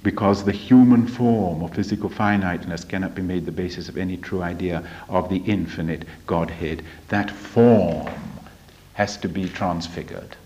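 A man teaching from a spiritual text in a deliberate, emphatic lecture, often asking rhetorical questions. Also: low voice, a little mellow. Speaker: religious study teacher. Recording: dull lo-fi recording.

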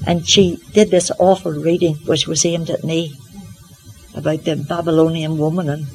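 Gravelly older woman telling a story. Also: low voice, level tone, normal speed, low-quality recording. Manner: earnest, gently humorous, reflective. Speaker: Christian Science practitioner. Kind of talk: personal testimony storytelling.

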